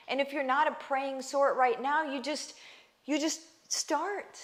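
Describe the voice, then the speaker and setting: A woman's voice: sits high, fairly even intonation, measured pace. A woman vlogger giving an earnest, emphatic faith talk straight to her viewers, often asking "right?" and calling them "guys.". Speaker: online business coach and vlogger. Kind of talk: heartfelt faith talk to camera.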